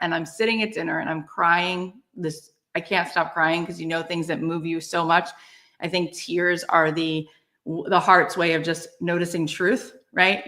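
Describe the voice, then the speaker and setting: A woman guest in a conversational interview, telling a personal story in an animated way with exclamations and casual fillers. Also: on the low side. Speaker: podcast guest.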